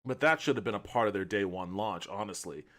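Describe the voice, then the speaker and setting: A man's voice: lowish voice, brisk, fairly bright tone. A man hosting a stream, giving casual, blunt and joking reaction commentary. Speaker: stream host.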